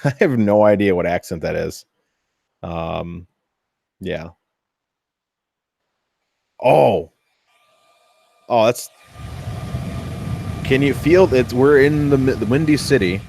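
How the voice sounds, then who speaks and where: A man narrating his own workshop build in a casual, chatty vlog. He talks slowly in a lowish voice and thinks aloud as he goes. The sound is dry and close. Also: expressive, gravelly, a little mellow, no room sound. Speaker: 3D printing hobbyist host.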